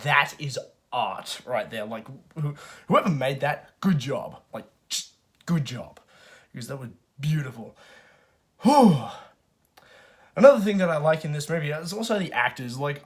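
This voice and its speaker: A man giving a casual spoken film review, rambling with many restarts and fillers, and swearing freely. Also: mid-range voice. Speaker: movie reviewer.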